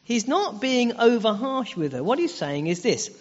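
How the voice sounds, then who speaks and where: A man's voice: very high voice, very animated, normal speed, few pauses. A man preaching a sermon, explaining earnestly and posing rhetorical questions. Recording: dull lo-fi audio with long hall reverb.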